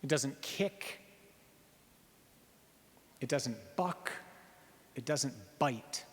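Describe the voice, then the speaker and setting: A priest giving an earnest sermon, slowing down on key phrases and asking the listeners rhetorical questions. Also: male voice, medium pitch. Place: church. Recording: reverberant church hall.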